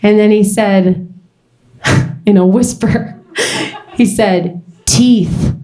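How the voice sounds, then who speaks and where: A young woman doing a stand-up comedy set on a club stage, telling stories with quick asides. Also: mid-range voice. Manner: animated storytelling, quick asides. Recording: roomy club with faint noise.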